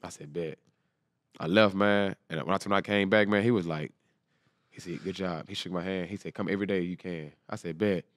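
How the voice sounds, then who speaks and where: This clean, studio-quality clip with no room sound features a young man in his twenties, a football player, whose voice sits low and moves a little fast. Animated and earnest, he retells an emotional story during a casual storytelling interview, acting out the lines of everyone involved.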